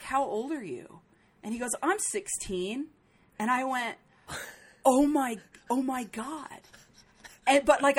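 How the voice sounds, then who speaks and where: Animated storytelling woman, profane and lively. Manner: animated, profane, acts out quotes in a higher voice. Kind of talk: casual storytelling.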